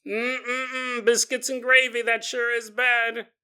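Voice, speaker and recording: A man voicing a gossipy eighty-two-year-old woman who talks in a slow, folksy drawl full of exclamations. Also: extremely high pitch, flat delivery, sharp tone, smooth, full character voice. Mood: fretful.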